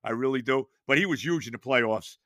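A man's voice: medium pitch, a little fast, sharp tone, no echo, clean studio sound. A man in his later years hosting a sports podcast, talking casually and with emphasis, often asking rhetorical questions. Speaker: podcast host.

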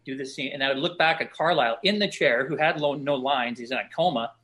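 A middle-aged actor sits down for a relaxed interview, speaking in an ordinary mid-pitched voice. He spins lively stories from set, slipping briefly into other people's voices as he quotes them. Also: fast. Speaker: actor guest. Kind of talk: casual interview storytelling.

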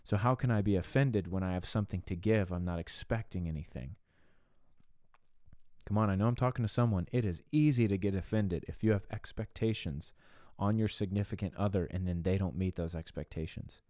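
A man delivering an earnest podcast sermon in a low, mellow voice. He preaches conversationally, turning to the listener with rhetorical asides. The sound is dry and close to the mic. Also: brisk, dry recording.

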